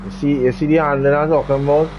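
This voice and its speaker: A man's voice: fairly high pitch, steady tone, quick pace, muffled recording, background noise. A man hosting a gaming channel, giving laid-back commentary while he drives, muttering and repeating himself. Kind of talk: casual gameplay commentary.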